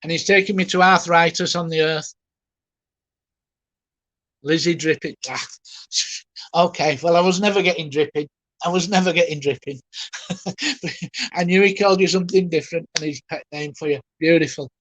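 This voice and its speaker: A man with a fairly high voice gives a live mediumship reading, speaking gently and haltingly as his emotion rises. He softly reassures the person he is addressing. The sound is dry and close, with no room around it. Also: steady tone, no room sound. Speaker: spiritualist medium.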